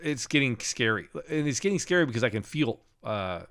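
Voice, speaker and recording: A middle-aged man on a podcast, telling a personal story in casual talk, with frequent laughs and halting restarts. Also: mid-range voice, big pitch swings, a bit bright. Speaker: podcast co-host.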